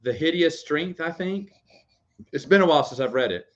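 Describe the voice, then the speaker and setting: Rambling young dad on a dull recording. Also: male voice, on the high side, animated, moderate pace. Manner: rambling, laughs often, talks to his baby. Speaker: vlogger. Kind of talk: casual chat. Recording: dull lo-fi sound.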